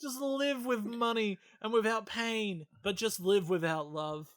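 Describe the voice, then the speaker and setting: Twenties guy on a podcast, pretty high voice, sarcastic, mock serious. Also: measured pace, fairly bright tone. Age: 20s. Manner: sarcastic, mock-earnest, self-deprecating. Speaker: podcast co-host. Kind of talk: casual chat, film review.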